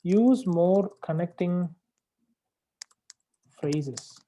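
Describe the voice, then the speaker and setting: A man working as an English test tutor, going over a student's mistakes and repeating the key advice slowly for emphasis. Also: sits high, warm tone, dull audio. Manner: corrective and repetitive, slows down to stress key phrases. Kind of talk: spoken feedback on a practice test.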